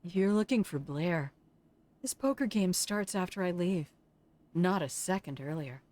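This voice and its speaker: An older woman streaming a game, reading its text aloud and putting on animated character voices. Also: fairly low pitch, a little slow. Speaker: streamer playing a visual novel game.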